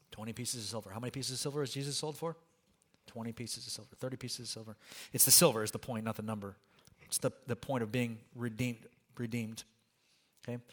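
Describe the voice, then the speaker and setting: A man preaching a sermon as pastor, conversational and animated, with humorous asides to the congregation. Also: mid-range voice.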